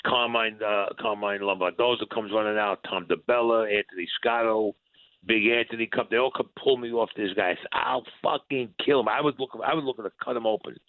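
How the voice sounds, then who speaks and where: A man's voice: a little fast, no room sound. A New man telling a story over the phone. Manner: animated storyteller who acts out dialogue with rising pitch. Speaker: interview guest. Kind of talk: storytelling, recounting his past. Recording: dry, tinny phone line.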